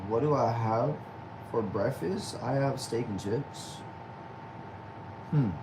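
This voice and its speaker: A man's voice: mid-range voice, slow pace, noisy background. A young man from Texas, hosting a casual livestream and answering viewer comments aloud. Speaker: livestream host.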